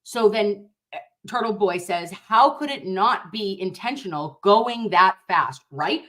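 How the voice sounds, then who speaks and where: A young woman hosting a casual reaction commentary, emphatic and animated, talking straight to her viewers. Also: medium pitch, unhurried. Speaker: commentary host.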